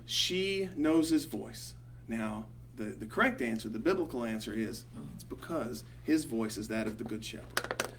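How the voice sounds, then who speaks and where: Man with a Southern accent, leading a Bible study. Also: mid-range voice. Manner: chatty and rambling, frequent ums and "you know". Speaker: small group Bible study leader. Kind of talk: casual Bible study teaching. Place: small group meeting room. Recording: distant mic with faint hum.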